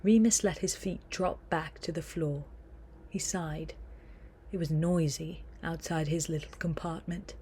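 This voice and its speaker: A woman narrating an audiobook in a steady storytelling manner. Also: deep voice, unhurried, a little hiss or hum.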